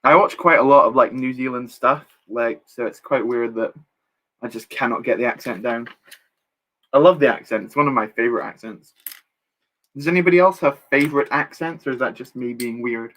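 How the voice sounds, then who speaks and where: A man's voice: medium pitch, brisk, sharp tone. A young man chatting casually on a live stream while building, reading chat aloud and joking at his own expense. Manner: chatty, reads chat aloud, self-deprecating jokes.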